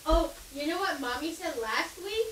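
A woman's voice: sits high, animated, moderate pace, a crowd in the background. A woman voicing a foul-mouthed little child who giggles, whines and says sorry. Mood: cheeky. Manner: giggly, whiny, apologetic. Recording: echoey room, distant mic, hiss.

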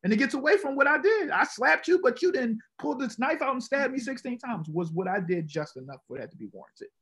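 A man with a high, husky voice speaks as a podcast guest, telling stories in an animated way. His voice has a breathy rasp to it, and he jumps into character when he quotes people in his stories. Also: a little fast. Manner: animated, acts out quoted dialogue. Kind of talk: casual conversational storytelling.

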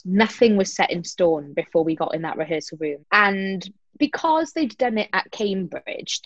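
A stage actress chatting in an interview, lively and talkative, acting out quoted lines as she goes. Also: lowish voice, no echo, dull audio. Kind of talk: casual interview chat.

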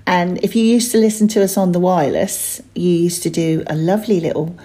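A woman co-hosting a podcast in an East Suffolk accent. She chats casually, teases her co-host, and keeps the banter quick. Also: on the low side, warm tone. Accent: East Suffolk English. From East Suffolk, England. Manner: playful teasing, quick banter. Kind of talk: casual chat.

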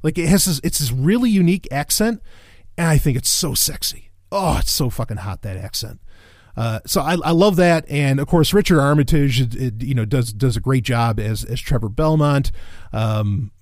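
A man talking through a casual review monologue in a mid-pitched voice. He is excitable and profane and rambles with frequent restarts. The sound is dry and close, with almost no room echo. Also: moderate pace.

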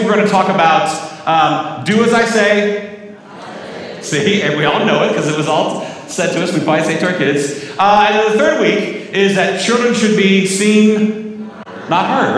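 A man's voice: a little high, a bit bright. A middle-aged man preaching a sermon in a conversational, storytelling way, with asides to the congregation. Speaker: pastor. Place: large church hall. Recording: echoey church hall from far off.

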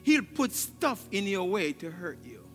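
Male pastor, very high pitch, lively swooping delivery, sermon, church hall reverb, faint music. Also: measured pace. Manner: exclamatory preaching, frequent laughs, call-and-response. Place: church sanctuary.

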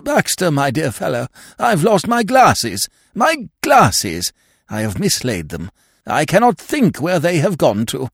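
A man's voice: fairly high pitch, huge pitch swings, a little slow, a bit bright, breathy edge, no room sound, studio quality, voice pushed up, exaggerated voice. A man doing a dithering, flustered old earl. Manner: fluttery, flustered, rising. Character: vague, dithering elderly English earl.

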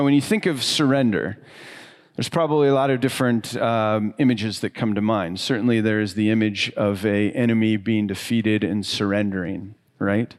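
A middle-aged man giving a sermon in a relaxed, conversational way, telling stories about himself and letting his voice drop softly at the ends of thoughts. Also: lowish voice. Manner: conversational, self-deprecating storytelling with soft, trailing pauses. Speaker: pastor.

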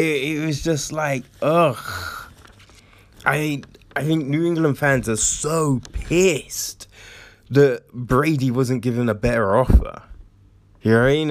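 Exasperated man ranting about football, slow. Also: medium pitch, no room sound. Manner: exasperated, repeats phrases, swears often. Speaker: football commentator. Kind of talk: casual sports rant.

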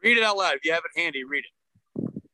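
A man's voice: on the high side, lively intonation, noisy background. A man co-hosting a podcast in casual, playful chat, often restarting his sentences. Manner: playful, teasing, halting restarts. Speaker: podcast co-host.

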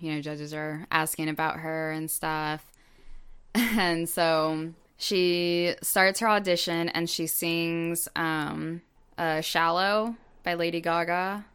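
Slow, smooth-voiced woman podcast co-host. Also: low-pitched, fairly bright tone. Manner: chatty storytelling with many fillers. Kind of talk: casual chat.

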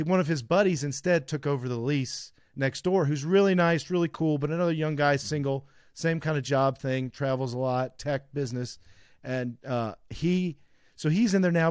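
A podcast co-host in his thirties with a slightly high voice spins long, meandering stories in casual chat, laughing often along the way. The clean studio sound carries no room noise.

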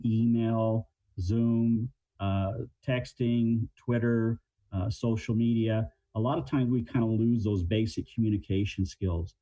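A man's voice: medium pitch, mellow, no room sound, dull audio. A middle-aged man, a crisis negotiation trainer, answering interview questions in a plain-spoken way and explaining with everyday examples.

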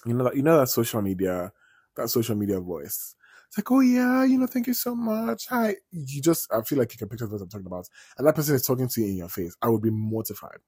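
Chatty man with a husky voice. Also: medium pitch, a little mellow, no echo, studio quality. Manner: chatty, digressive, swears casually. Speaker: vlogger. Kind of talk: casual storytelling commentary.

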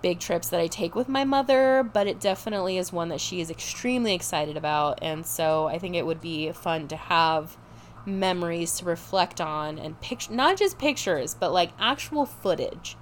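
A woman's voice: fairly low pitch, moderate pace, slight background noise. A young woman hosting her own show, chatting casually, giggly and emotional, tired and a bit hyper. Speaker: podcast host. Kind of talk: casual solo chat.

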